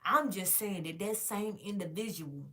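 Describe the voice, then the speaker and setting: A woman's voice: medium pitch, normal speed, bright, forceful tone. A woman vlogging to her viewers in a casual, emphatic and profane rant, calling them y'all.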